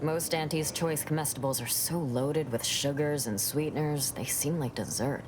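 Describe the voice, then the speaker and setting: Actress voicing a prim, refined game companion. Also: female voice, sits low, close to an everyday voice. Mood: wistful. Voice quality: formal, measured speech. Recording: game audio under steady noise.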